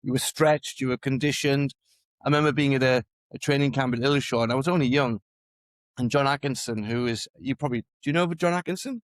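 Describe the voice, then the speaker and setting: A middle-aged man recounts his sporting past in a relaxed podcast chat, drifting from one memory to the next and often restarting his sentences. He speaks at a medium pitch, recorded close and dry with no room sound. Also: fairly quick, no room sound. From England. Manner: rambling, restarts often, chuckles through anecdotes. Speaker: podcast guest, former gymnast and coach. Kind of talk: casual interview storytelling.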